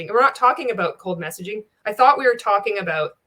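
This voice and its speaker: A woman's voice: mid-range voice, fast talker, few pauses. Sarcastic woman reacting to a video. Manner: sarcastic, exasperated, swears. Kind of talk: casual commentary on a training video.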